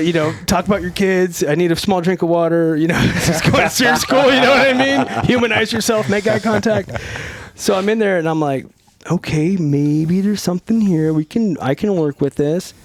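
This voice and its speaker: A middle-aged man from Northern California, voice sitting a little high, tells a wild story in a loose, profane podcast chat. He laughs through it and acts out the quoted lines as he goes. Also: moderate pace. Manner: profane, laughing, animated retelling with quoted dialogue. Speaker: podcast guest, former Navy SEAL. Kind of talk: casual storytelling.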